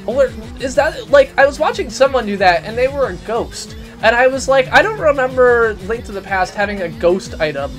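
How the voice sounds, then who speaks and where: High-voiced ranting streamer man. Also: expressive, moderate pace, few pauses, music in the background. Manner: loud, ranting, rambling asides. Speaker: game streamer host. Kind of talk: casual live-stream chat.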